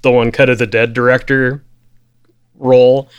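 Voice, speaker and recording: A man's voice: mid-range voice, normal speed, smooth, lo-fi sound. A man casually talking through a film on a podcast, rambling with lots of fillers. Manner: relaxed, rambling, frequent fillers.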